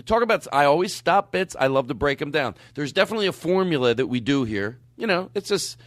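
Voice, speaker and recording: A man hosting a comedy podcast, coaxing and animated in casual chat, laughing often. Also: fairly high pitch, fast talker, no room sound. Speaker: podcast host.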